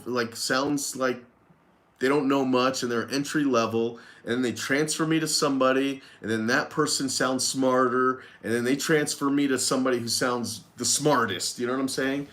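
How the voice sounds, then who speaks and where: A man telling a personal story straight to the camera in a loose, rambling way. His voice sits at an ordinary middle pitch. He is candid and now and then swears. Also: fairly bright tone. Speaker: lawn care business owner. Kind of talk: casual storytelling vlog.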